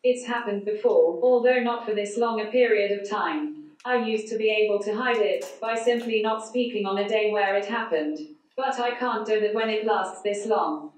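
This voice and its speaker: A woman giving a conference talk through a speech synthesizer, so her voice is a flat, synthetic computer voice with no intonation. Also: medium pitch, moderate pace. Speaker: conference speaker. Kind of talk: prepared talk read out by text-to-speech. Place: large conference hall. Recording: echoey hall, voice from far off.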